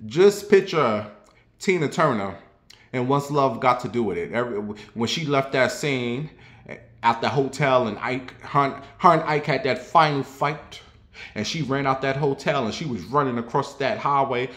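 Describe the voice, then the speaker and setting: A man hosting, telling a comedic story in an animated way, with quick bursts and drawn-out asides. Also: medium pitch, reverberant. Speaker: host.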